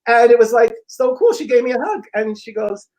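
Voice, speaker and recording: A middle-aged man, an interview guest and personal growth teacher, telling a story in a frank, profane, animated way and acting out the dialogue. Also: very high-pitched, brisk, low-quality recording. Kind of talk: casual storytelling.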